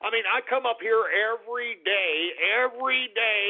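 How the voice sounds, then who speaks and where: A high, gravelly male voice rants and swears as he hosts a call-in radio show. He sounds fed up with his callers. The sound is thin and tinny, like a phone line. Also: normal speed, few pauses. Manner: profane, ranting, exasperated.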